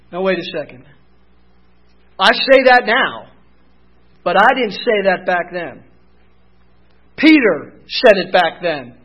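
A man preaching a sermon in a very high voice, pushing hard to shouted, emphatic peaks and then falling back to near-quiet asides. The recording is muffled and lo-fi. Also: big pitch swings, measured pace. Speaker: pastor.

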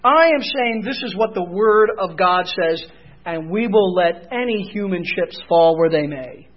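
A man preaching a sermon in a very high voice, pushing hard to shouted, emphatic peaks and then falling back to near-quiet asides. The recording is muffled and lo-fi. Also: lively intonation, unhurried. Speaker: pastor.

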